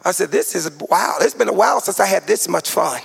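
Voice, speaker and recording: High-voiced shouting preacher in his forties. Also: lively intonation, brisk, gravelly, long reverb tail. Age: 40s. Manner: emphatic, sing-song preaching cadence with shouted peaks and humorous asides. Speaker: pastor. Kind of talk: sermon.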